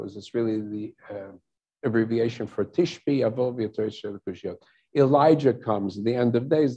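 Rabbi guy lecturing, keeps going "right?", gravelly mellow voice, kinda muffled lo-fi recording. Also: medium pitch. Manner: lecturing, frequent "right?" checks with listeners. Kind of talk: teaching talk at a synagogue service.

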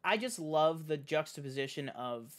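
Excitable higher-voiced man. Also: moderate pace. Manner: animated, profane, heavy use of "like". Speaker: podcast host. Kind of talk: casual film chat.

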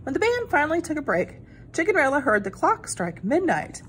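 A woman reading a children's picture book aloud in an expressive, animated way. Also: sits high, fairly quick, slight background noise. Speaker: storyteller.

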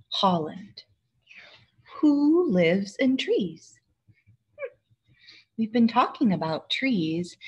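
A woman teacher reads a picture book aloud to small children. She takes her time, and her voice swoops up and down as she hoots the refrains. The tone stays slightly husky throughout. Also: lo-fi sound. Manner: slow, expressive storytelling with high hooting refrains and questions to listeners. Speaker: preschool teacher.

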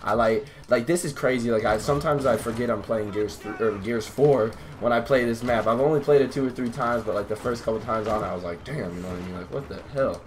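A man's voice: medium pitch, quick pace, few pauses, slight background noise. A young man giving live commentary over his own gameplay, talking to viewers, swearing, and getting hyped at his teammates. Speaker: gaming YouTuber.

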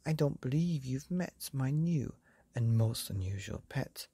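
A woman voicing a spoiled young boy who shouts orders, in a bedtime story. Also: rumbling low, lively intonation, a little slow, husky, no room sound, exaggerated voice. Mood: bossy. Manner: bossy and shouting.

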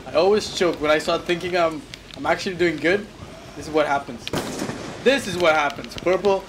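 A young man commentating on his own gameplay, excitable and exclaiming. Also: fairly high pitch, normal speed, background noise. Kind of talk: excitable gaming chat. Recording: loud gunfire game audio. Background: game gunfire.

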